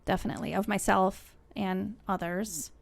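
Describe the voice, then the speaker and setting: A woman's voice: mid-range voice, fairly even intonation, normal speed, vocal fry. A woman co-hosting a podcast, chatting casually and telling stories with easy laughter. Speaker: podcast co-host. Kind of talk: casual conversation.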